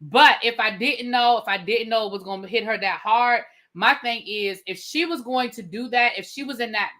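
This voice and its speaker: A woman's voice: fairly high pitch, normal speed. A woman with a Washington DC accent, telling stories in a casual, slangy chat as a podcast co-host. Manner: animated storytelling, slangy, acts out her own past remarks.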